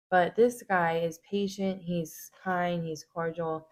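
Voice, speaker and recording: A woman's voice: fairly low pitch, steady tone, slow, darkish tone. A woman hosting a reaction video, giving blunt, casual commentary full of swearing.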